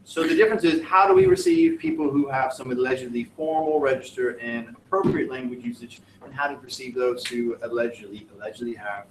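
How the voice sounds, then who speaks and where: A man's voice: mid-range voice, big pitch swings, fairly quick, few pauses, echoey room, background noise. A man teaching a class in a casual, digressive, joking way. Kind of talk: classroom lesson.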